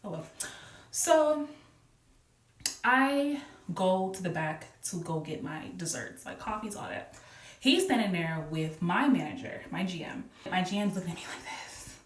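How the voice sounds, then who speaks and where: A woman casually telling a work story on camera, animated and laughing often as she acts out what people said. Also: mid-range voice, moderate pace, long pauses, a little hiss or hum. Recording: roomy echo, mic a little far off.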